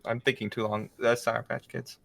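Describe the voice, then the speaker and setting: A young man co-hosting a casual chat show, answering rapid questions with dry wit and some laughter. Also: medium pitch, level tone, vocal fry, fairly bright tone. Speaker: podcast co-host.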